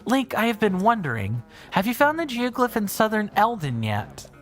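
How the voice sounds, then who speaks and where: A man's voice: high-pitched, huge pitch swings, normal speed, soft background music. A man reading aloud a polite, formal researcher from a video game, in a stiff and courteous manner.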